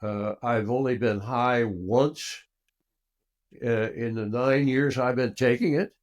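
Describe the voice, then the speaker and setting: An older man speaking at an ordinary middle pitch, recounting a personal story as an interview guest. He's an animated storyteller who acts out the dialogue with big swings in pitch and loudness. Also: slow.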